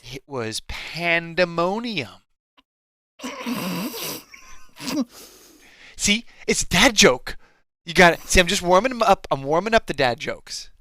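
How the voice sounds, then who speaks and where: A man's voice: high-pitched, expressive, slow pace, pauses often, sharp tone, no echo. A middle-aged man co-hosting a live painting stream, playful and stammering as he tells dad jokes. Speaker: co-host. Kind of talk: casual live-stream banter.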